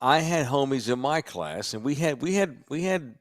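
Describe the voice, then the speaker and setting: A man's voice: mid-range voice, expressive, moderate pace. A middle-aged man co-hosting a podcast and ranting with exasperation about teaching, emphatic and profane in casual banter, recorded on a close studio mic. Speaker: podcast co-host and high school history teacher. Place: podcast studio in a sports bar.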